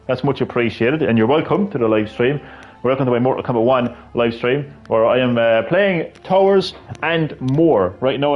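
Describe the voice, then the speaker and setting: A man's voice: mid-range voice, lo-fi sound. A man live-streaming a video game, with rambling, profane, ranting commentary.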